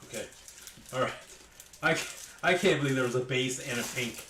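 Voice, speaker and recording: Hosting a live sports card break, a man calls out each card as he opens packs, joking and chatting with viewers by name. His mid-range voice sounds reverberant and distant, with background noise.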